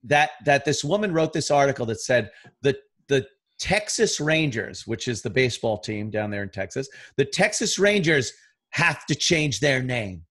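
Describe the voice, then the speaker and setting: A middle-aged man, a podcast guest, in a casual chat, talking bluntly with lots of swearing and animated storytelling. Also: medium pitch, moderate pace. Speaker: podcast guest, radio host.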